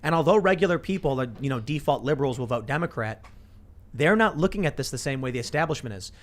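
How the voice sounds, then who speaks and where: A man's voice: medium pitch, quick pace. A man hosting a casual political chat show, talking animatedly and acting out other people's lines. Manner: animated, acts out quotes in shifting voices. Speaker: show host.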